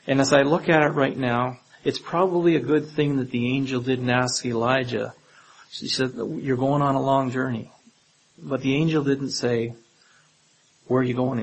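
Flat-voiced male preacher. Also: mid-range voice, a little hiss or hum, low-quality recording. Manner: conversational preaching, frequent tag questions to the listeners. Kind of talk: sermon.

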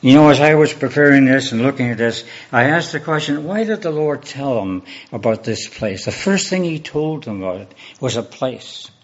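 A man preaching a sermon as a pastor, measured and earnest, building on repeated rhetorical questions. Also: medium pitch, lively intonation, highs cut off.

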